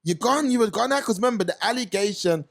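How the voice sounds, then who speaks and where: A man's voice: high voice, quick pace, vocal fry. Slangy London man telling stories. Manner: animated, slangy storytelling. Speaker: podcast host. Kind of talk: casual commentary chat.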